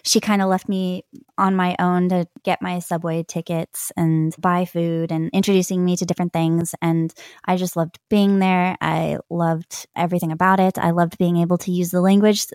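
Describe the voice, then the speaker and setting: A woman's voice: lowish voice, level tone, normal speed, darkish tone, dry recording, clean studio sound. A woman guest telling stories in a casual interview, chatty and laughing often. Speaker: guest, language learner.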